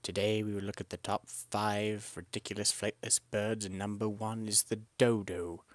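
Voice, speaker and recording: A man giving a joking, deadpan voice-over about silly animals. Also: on the low side, normal speed, no room sound. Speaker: video narrator. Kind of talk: comedic voice-over commentary.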